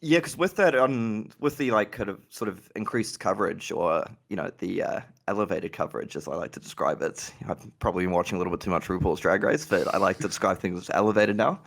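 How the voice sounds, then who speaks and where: A man's voice: low-pitched, expressive, fairly quick, creaky, hardly any pauses. A man being interviewed on a podcast, telling casual stories and laughing often. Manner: chatty anecdotal storyteller, laughs often. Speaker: guest, organized play manager.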